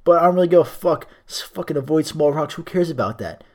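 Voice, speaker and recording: A man's voice: a little high, expressive, fast talker, a little mellow. A young man hosting a solo podcast, reading articles aloud and ranting about them in a profane, sarcastic way. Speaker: podcast host.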